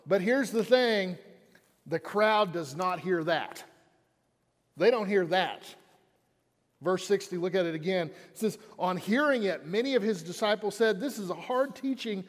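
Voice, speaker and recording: A man's voice: high-pitched, measured pace, in a large hall. A man preaching a sermon in an auditorium, in a conversational way that repeats lines for emphasis. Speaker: pastor.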